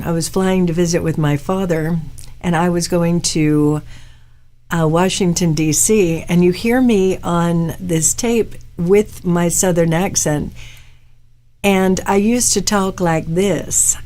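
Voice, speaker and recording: A woman's voice: fairly low pitch, a little mellow. A middle-aged woman from Florida hosting a live-stream show, chatting casually and rambling through personal stories. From Florida, USA. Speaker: host. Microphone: webcam live-stream mic.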